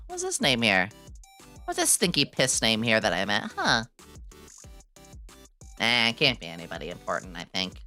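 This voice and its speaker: A young adult woman streaming a casual chat, excitable and giggly, swearing freely and reading her chat aloud. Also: very deep voice, a little fast, long pauses, faint music behind. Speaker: VTuber streamer.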